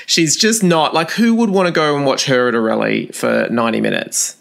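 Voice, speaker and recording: A man co-hosting a podcast, talking in a wry, animated way and often laughing. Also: mid-range voice, fairly quick, creaky. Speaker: podcast co-host. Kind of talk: casual chat.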